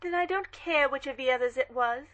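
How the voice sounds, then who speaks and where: A woman playing a bright, imperious old lady. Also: high-pitched, brisk, muffled recording. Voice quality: commanding, cross-examining. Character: imperious elderly aristocratic lady, sharp-tongued. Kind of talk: amateur audio drama reading.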